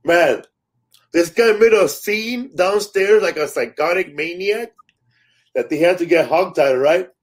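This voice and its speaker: Animated comic telling a road story. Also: male voice, sits high, measured pace, husky. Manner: animated storyteller, acts out quotes, swears freely. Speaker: stand-up comic guest. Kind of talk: casual storytelling chat.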